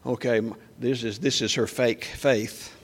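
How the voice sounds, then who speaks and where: A man preaching a sermon in a conversational way, asking the congregation questions and acting out quoted lines louder and higher. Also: fairly even intonation, a little slow. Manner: acts out quoted speech with raised pitch and volume. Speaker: pastor.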